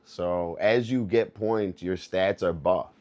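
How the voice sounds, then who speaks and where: A young man chats loosely with his stream viewers, laughing often and tossing out dude and bro. His voice sits low and he takes his time between words. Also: slow pace, a little mellow, dull audio. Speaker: livestreamer. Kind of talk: casual stream chat.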